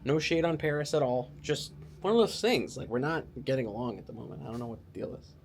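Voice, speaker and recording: A man's voice: mid-range voice, expressive, fast, creaky, a little hiss or hum. Rambling, self-mocking man vlogging. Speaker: travel vlogger. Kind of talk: casual talk to camera. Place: hotel room.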